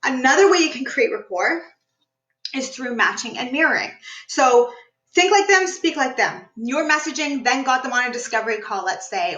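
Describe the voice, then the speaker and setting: A woman business coach teaching a live online workshop, upbeat and energetic, standing as she talks. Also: on the high side, roomy sound, low-quality recording. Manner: energetic, upbeat, demonstrates voices while teaching. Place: room, standing.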